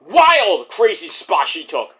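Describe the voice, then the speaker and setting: An excitable man recaps a wrestling show in a loose, swearing vlog style. His high, bright voice jumps all over the place, and he breaks into sudden yelled exclamations. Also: slow pace. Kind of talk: casual review vlog.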